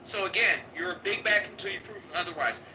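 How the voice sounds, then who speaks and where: A man's voice: sits high, fast talker, distant mic. A male host in a heated live argument, talking aggressively and mockingly, repeating his jabs and swearing heavily. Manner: aggressive, mocking, repeats phrases, heavy profanity. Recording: noisy live stream audio.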